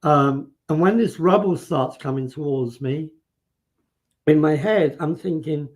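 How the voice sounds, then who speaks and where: A man's voice: fairly high pitch, measured pace. A man, a guest on a live stream, vividly retelling events in casual storytelling, acting out what people said and restarting his sentences.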